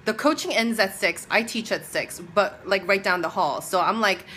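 A woman in her thirties telling a story in a casual vlog, animated and exasperated, acting out bits of dialogue. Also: mid-range voice, normal speed, hardly any pauses, a little hiss or hum. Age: 30s. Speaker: vlogger; doctoral music student and teacher.

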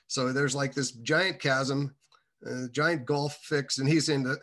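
Man, bright forceful tone, halting meandering testimony, casual storytelling. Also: medium pitch. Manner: halting, meandering delivery with many restarts. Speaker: guest telling his faith testimony.

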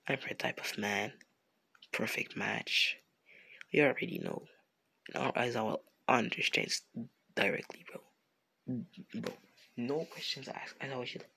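A man's voice: mid-range voice, a little slow, vocal fry, pauses often, pushed and bright, slightly rough. A man improvising a fan story off the top of his head, rambling and self-correcting with a slangy, casual manner. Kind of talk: improvised fan-fiction narration.

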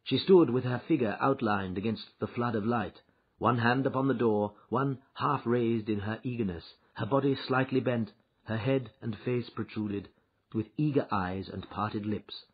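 A man reading a classic story aloud in a measured storytelling manner, as audiobook narrator. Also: mid-range voice, slightly rough. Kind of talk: scripted narration. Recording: dull lo-fi recording.

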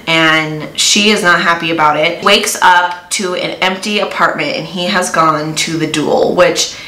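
Woman chatting brightly in an echoey room. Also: fairly low pitch, measured pace. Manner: animated, lively retelling with playful asides. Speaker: book reviewer. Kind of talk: casual chatty plot recap. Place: indoors, recorded while doing her makeup.

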